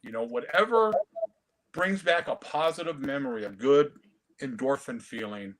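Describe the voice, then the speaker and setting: A man, telling stories in a casual, animated way on a video call. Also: mid-range voice, normal speed, a little hiss or hum. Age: 50s. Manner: storytelling, animated. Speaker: comic collector guest. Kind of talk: casual chat.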